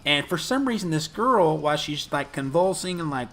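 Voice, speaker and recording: A man's voice: fairly high pitch, expressive, moderate pace, fairly bright tone. A man co-hosting a casual podcast, recapping a movie scene by scene, swearing often and acting out lines. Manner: profane, laughing, acts out film lines. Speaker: podcast co-host.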